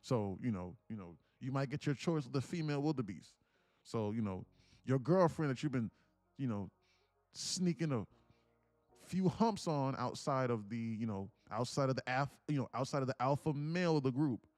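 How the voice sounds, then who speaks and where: A man streaming live, casually teaching trading through an animated story, with many fillers and frequent laughter. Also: medium pitch, moderate pace, dry recording.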